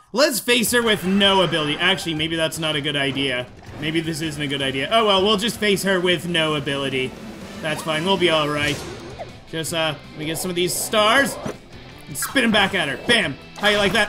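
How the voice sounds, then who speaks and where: A high-voiced man narrates his game as he plays, excitable and chatty. He taunts and pleads with the boss on screen, and game music plays clearly behind him. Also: moderate pace. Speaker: gaming YouTuber. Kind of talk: let's play commentary.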